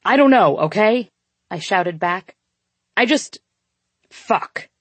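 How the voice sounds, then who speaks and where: A woman voicing a flustered, defensive young man in an audiobook, babbling and shouting back in a panic. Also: low voice, slow, no room sound. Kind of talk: audiobook dialogue.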